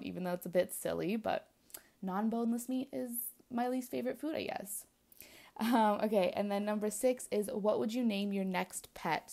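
A young adult woman who vlogs about planners answers questions in casual chat. Her mid-range voice is a little mellow, and she rambles with lots of fillers and small giggles.

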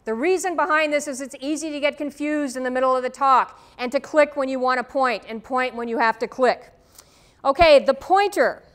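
A woman lecturer giving a university talk, telling stories and checking in with a frequent "okay?". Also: sits high. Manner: lively anecdotal storytelling with frequent "okay?". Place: lecture hall. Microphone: tethered microphone.

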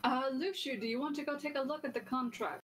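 Female player, slightly high voice, playful and halting; noisy recording. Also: fairly even intonation. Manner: hesitant, playful, often laughing. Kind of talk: tabletop game role-play. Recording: noisy background hiss.

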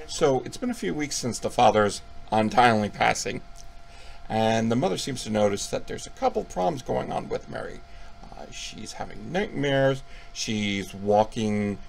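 Gravelly, profane horror reviewer man. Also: lowish voice, normal speed, a little hiss or hum. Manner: profane, playful, animated retelling. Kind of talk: casual video review.

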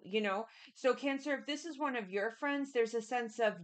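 Speaking at a moderate pace with few pauses, a woman with a slightly high voice gives a casual tarot reading. She's chatty and repetitive, and keeps talking directly to the listener.

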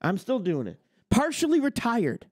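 A man's voice: very high voice, wildly swooping pitch, normal speed, a little mellow, slight background noise. A man in his forties hosting a show, delivering a blunt, boastful rant full of profanity. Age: 40s. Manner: blunt, boastful, swears constantly. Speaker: host.

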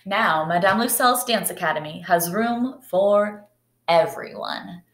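A woman teacher reading a picture book aloud to her class, lively and engaging as she speaks to the children directly. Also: fairly low pitch, measured pace. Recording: roomy echo.

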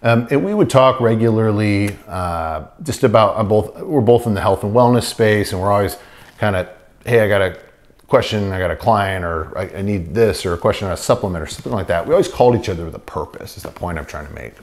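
A man's voice: lowish voice, a little fast. A man sharing a personal faith testimony in an earnest, rambling storytelling way, full of fillers and restarts. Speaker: testimony speaker.

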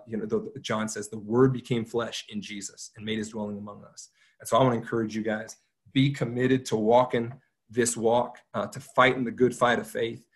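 Man giving an energetic devotional talk. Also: on the low side. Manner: energetic storytelling, varies loudness. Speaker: guest speaker.

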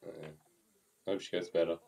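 A man's voice: sits low, flat delivery, normal speed, vocal fry, darkish tone. A man joining a gaming stream as guest, trading joking, teasing banter. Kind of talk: casual gaming stream chat. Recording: voice a bit far from the mic.

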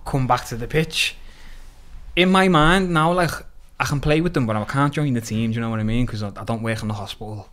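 A young man with a Liverpool accent telling stories in a casual podcast chat, animated, laughing often and swearing freely. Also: mid-range voice, fairly quick. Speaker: podcast guest.

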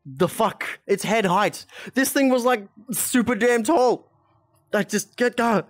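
During a VR game livestream, the streamer talks casually through a headset mic, giggling frequently and swearing often. The mid-range voice moves slowly, with no echo and soft music in the background.

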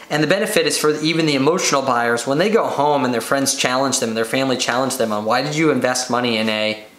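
A man hosting a business podcast, talking energetically on his own and rattling off quick lists. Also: medium pitch. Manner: energetic, rapid lists, acts out excited buyers. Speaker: podcast host. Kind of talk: solo business podcast talk. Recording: roomy echo.

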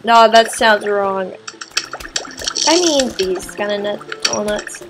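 A young woman giving excitable let's play commentary, often yelling at the game. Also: medium pitch, takes it slowly, very noisy. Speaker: gamer. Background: game music.

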